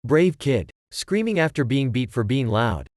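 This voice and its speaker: A man narrating Reddit posts in a flat, even reading voice. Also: mid-range voice, measured pace, no echo.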